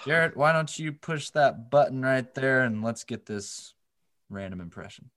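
A man hosting a casual online impressions game, upbeat and quick to laugh as he announces turns and points. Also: mid-range voice, lively intonation, fairly bright tone, no room sound, clean studio sound. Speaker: game host.

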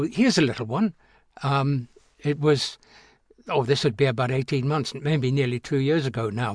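A man in his seventies, an actor being interviewed, telling an anecdote in a halting way with many restarts and fillers. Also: medium pitch, dry recording, clean studio sound. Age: 70s. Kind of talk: reminiscing anecdote.

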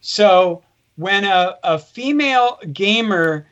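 High, bright-voiced man explaining. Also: lively intonation, slow, highs cut off. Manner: explanatory, hesitant. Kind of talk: casual chat.

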